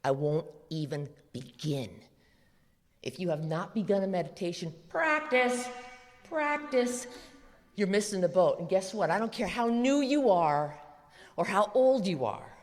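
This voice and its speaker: A woman's voice: medium pitch, expressive, a little slow. An American woman giving a blunt, profane, emphatic recovery talk at a convention. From USA. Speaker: recovery speaker. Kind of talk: live speech at a convention. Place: large convention hall. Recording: echoey convention hall.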